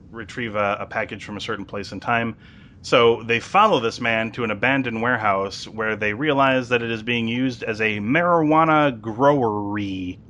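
A man's voice: fairly low pitch, bright, forceful tone, a little hiss or hum. Chatty man recapping a TV episode. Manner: chatty, lots of ums and uhs. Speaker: podcast host.

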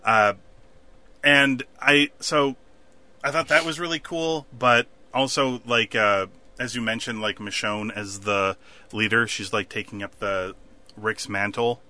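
Man, very bright tone, rambling casual recap chat, animated. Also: fairly low pitch, a little slow. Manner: rambling, animated, acts out characters' lines. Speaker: podcast co-host.

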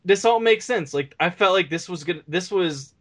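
A man's voice: high voice, expressive, moderate pace. A man co-hosting a podcast, ranting about a bad movie in casual banter, swearing and laughing. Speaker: podcast co-host.

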